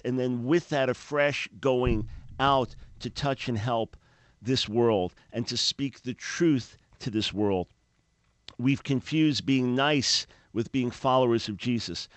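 A man's voice: medium pitch, no echo. A man hosting a religious radio talk show, speaking in an emphatic preaching manner and often repeating words as he starts a phrase.

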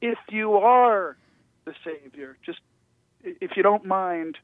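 A man, a guest actor, telling stories over the phone in a casual interview, with animated storytelling and stammering restarts. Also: high-pitched, slow pace, dry recording. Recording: tinny phone line.

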